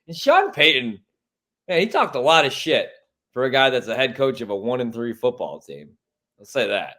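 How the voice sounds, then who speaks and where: A man's voice: mid-range voice, pushed and bright. A man from Chicago hosting a sports podcast, giving blunt, profane, opinionated takes in casual chat.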